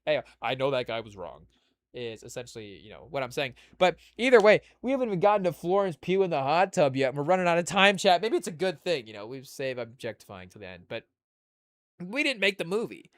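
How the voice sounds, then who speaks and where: Rambling man, pitch a bit high. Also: big pitch swings, quick pace, no echo, studio quality. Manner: rambling, heavy on "you know" fillers. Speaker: podcast host. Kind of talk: casual chat.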